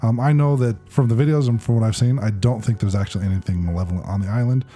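A man's voice: lowish voice, fast, dark tone, breathy edge, faint music behind. A man co-hosting a casual chat, hesitant and full of fillers. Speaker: podcast co-host.

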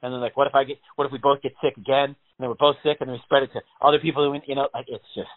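A man's voice: medium pitch, racing. A man chatting casually on a podcast, telling stories with lots of swearing and acting out panicked voices. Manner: animated storyteller, swears a lot, acts out panicked voices. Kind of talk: casual chat. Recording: phone-like narrow band.

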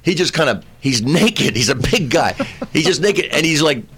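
A man in his sixties, a comedian, telling a comic anecdote in an animated way. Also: a little high, moderate pace, slight background noise. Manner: animated storyteller, acting out voices. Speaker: comedian guest.

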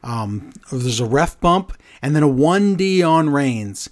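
A man co-hosting a casual podcast, recounting events in lively storytelling. His voice sits a little high for a man, and he slips into voices when he quotes people. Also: slow. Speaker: podcast co-host. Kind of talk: casual recap chat.

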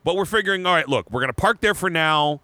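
A man co-hosting a podcast, telling a story in casual chat, animated and laughing, often restarting his words. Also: fairly high pitch, fast, no echo. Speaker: podcast co-host.

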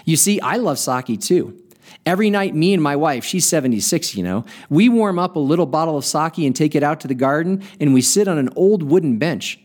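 A man's voice: on the high side, lively intonation, a little fast, darkish tone. A man voicing a cheerful, tiny old man in his seventies who talks in a delighted, easy, friendly way.

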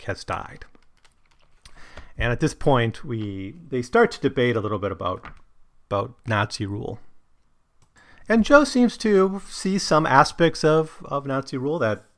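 A man hosting a chapter-by-chapter book commentary, talking it through loosely, with frequent restarts and fillers. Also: on the low side. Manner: loose, conversational, with frequent restarts and "you know". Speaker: podcast host discussing a novel.

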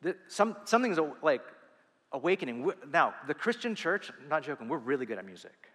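A man preaching a sermon as pastor, earnest and animated, with quick asides and restarts. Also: on the high side, long reverb tail.

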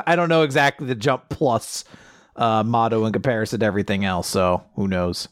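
A man's voice: fairly low pitch, normal speed, no echo, clean studio sound. A man co-hosting a podcast, chatting casually about manga in a joking, offhand way and swearing freely. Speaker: podcast co-host.

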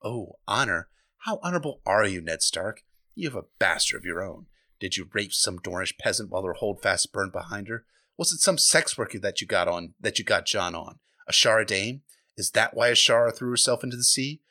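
Guy reading a scornful queen, quiet, low, accusing, bright edge. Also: animated, fairly quick, heavily acted. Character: scornful proud woman queen, cold.

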